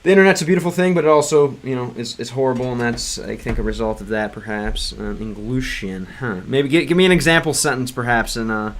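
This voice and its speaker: A man chatting casually on a livestream, rambling with many restarts and fillers and stopping now and then to sound out game text in halting learner's Russian. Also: medium pitch. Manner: clumsy Russian read aloud in a learner's voice. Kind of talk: casual livestream chat reading comments.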